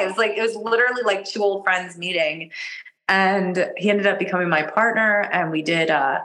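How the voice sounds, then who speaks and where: A woman guest on a podcast, an energy healer telling a personal story in casual chat, animated and laughing often as she acts out what people said. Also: fairly low pitch, fairly quick, rough recording. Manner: animated, laughs often, jumps into quoted voices.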